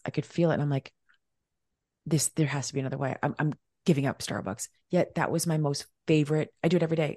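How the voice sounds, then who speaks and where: A middle-aged woman telling a story in a casual, lively way, acting out the back-and-forth. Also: low-pitched, dry recording, studio quality. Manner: animated, acts out quoted exchanges. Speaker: podcast guest, wealth mentor.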